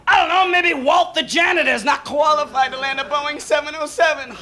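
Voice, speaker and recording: A young man doing an animated, rambling stand-up comedy set, acting out bits. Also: very high voice, brisk, few pauses. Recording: live club with noisy laughing crowd. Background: audience laughter and noise.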